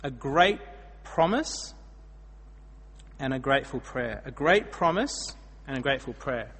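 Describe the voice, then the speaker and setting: A man with an Australian accent preaching a sermon, telling the story with dramatic swings between loud and soft. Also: mid-range voice, animated, a little slow, slightly rough, long reverb tail.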